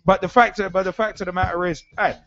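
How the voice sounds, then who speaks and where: A man's voice: high-pitched, steady tone, fast, vocal fry, fairly bright tone. A man hosting a live football talk show, ranting bluntly and heatedly, repeating himself as he drives his points home. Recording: dull lo-fi sound with faint music.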